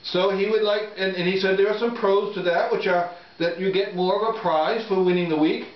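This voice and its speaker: Man, high voice, playful halting co-host, heard from a distance in a roomy space. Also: fairly even intonation. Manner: hesitant, many fillers and restarts, playful. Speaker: co-host of a sports picks show. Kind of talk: casual joking chat. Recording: roomy, distant, dull home recording.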